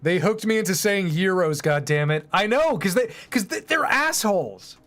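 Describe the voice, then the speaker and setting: A man giving rambling, sarcastic let's-play commentary, breaking into yells at the game. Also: high-pitched, animated, normal speed. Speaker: gaming YouTuber.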